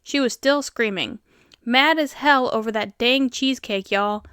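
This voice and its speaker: Southern woman reading stories, bright clear voice. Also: fairly high pitch, unhurried, no room sound, clean studio sound. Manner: animated, laughs often, reads in voices. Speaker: host reading online stories. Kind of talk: casual storytelling and reaction.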